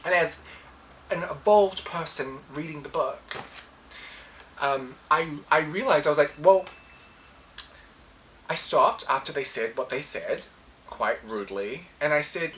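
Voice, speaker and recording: On her casual solo podcast, a deep-voiced woman reflects on a personal story in a self-coaching way, animatedly acting out things she used to say. She is unhurried and pauses often, with lively intonation and a slightly bright tone, over poor audio with slight background noise.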